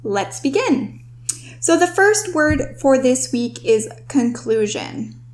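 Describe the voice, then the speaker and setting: A young woman with a fairly high voice hosts a scripted vocabulary lesson as a writing tutor, sounding very animated. She explains each word clearly and instructively, slowing down to put stress on the key terms.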